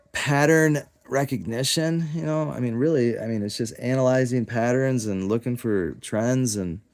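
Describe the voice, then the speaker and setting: A man's voice: mid-range voice, a little mellow. A man in his thirties from the United States, ranting to camera, profane and sarcastic, often repeating himself and trailing off. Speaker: self-represented litigant. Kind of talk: angry direct-to-camera rant.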